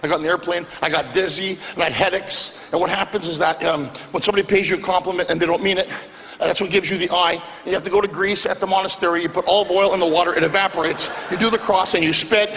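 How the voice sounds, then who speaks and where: A Canadian man working a stand-up set, his voice high and sharp and edged with gravel. He tells stories in an excitable, animated rush. The sound carries the long echo of a live hall. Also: quick pace. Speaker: stand-up comedian. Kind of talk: stand-up comedy routine. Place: comedy club stage, live show.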